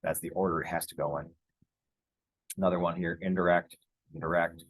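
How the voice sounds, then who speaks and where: A man teaching Spanish grammar over slides, relaxed and conversational, with frequent fillers and restarts. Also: deep voice, brisk, rough recording.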